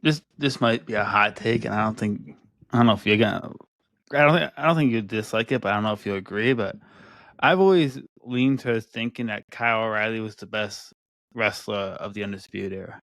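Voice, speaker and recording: A man's voice: on the low side, fairly quick, a bit bright, no echo. A man co-hosting a podcast, chatting casually about wrestling and hedging his opinions with lots of "you know" and "like". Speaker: podcast co-host. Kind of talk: casual wrestling review chat.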